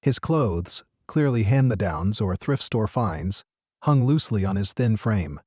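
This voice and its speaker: A man narrating a scripted story in a steady, earnest manner. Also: fairly low pitch, a little slow, dry recording, clean studio sound.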